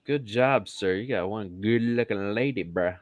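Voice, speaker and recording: A man's voice: lowish voice, normal speed, no room sound. A man from Michigan hosting a live stream in casual, crude, joking chat.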